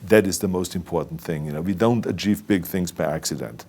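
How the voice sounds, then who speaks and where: A man's voice: deep voice, brisk, dark tone, breathy edge. Emphatic German-accented man. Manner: emphatic, heavily accented, sometimes restarting words. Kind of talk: motivational speech and interview.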